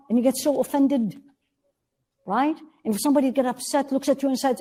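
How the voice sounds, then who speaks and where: Woman giving a religious class, mellow voice, earnest, asks the room questions. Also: high-pitched, steady tone. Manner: recites Arabic verses quickly. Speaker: religious teacher.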